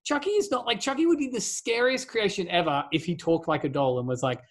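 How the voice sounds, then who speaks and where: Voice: medium pitch, fast. A podcast co-host, chatting casually in a rambling way and laughing often. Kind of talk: casual chat.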